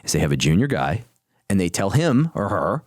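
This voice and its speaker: Joking podcast host, lively voice. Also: male voice, low voice, a little fast, no echo, clean studio sound. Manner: casual, joking, says dude and bro. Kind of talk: casual podcast conversation.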